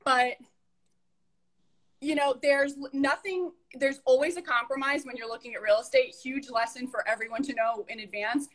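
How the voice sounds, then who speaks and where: A woman's voice: sits high, steady tone, normal speed, low-quality recording. A woman chatting casually while showing her apartment and giving practical advice. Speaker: apartment owner giving a home tour. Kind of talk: casual chat.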